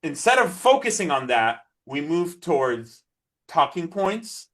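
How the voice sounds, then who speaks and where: A man of the Palestinian diaspora giving a passionate interview as a guest, animated, full of restarts and mocking quoted voices. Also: fairly high pitch, unhurried. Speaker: interview guest, peace advocate. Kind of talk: impassioned interview talk.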